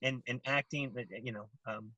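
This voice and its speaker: A man's voice: medium pitch, moderate pace, no echo, muffled recording. A man being interviewed, telling stories animatedly with many restarts and acted-out quotes. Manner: animated storytelling, acts out voices, many restarts. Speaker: interview guest. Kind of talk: casual interview.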